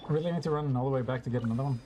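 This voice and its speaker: A man's voice: mid-range voice, rapid-fire, dark tone, soft background music. A man streaming a video game, muttering casual commentary and swearing freely when frustrated.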